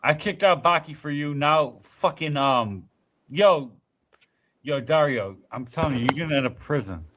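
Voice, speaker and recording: A man's voice: on the high side, moderate pace, fairly bright tone. A man in a heated casual chat, swearing and exasperated, talking over others. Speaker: stream participant.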